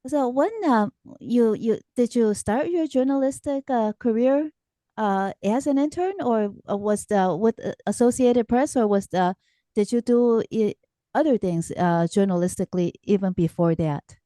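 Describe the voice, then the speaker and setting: A woman's voice: a little high, normal speed, mellow, no echo, studio quality. A woman hosting a radio interview, asking hesitant questions full of fillers. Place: radio studio.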